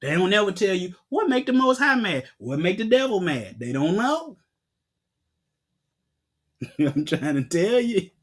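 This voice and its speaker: A man preaching a Bible-teaching sermon with emphasis. He asks rhetorical questions and answers them himself, and he bursts out loudly when reading scripture. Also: high-pitched.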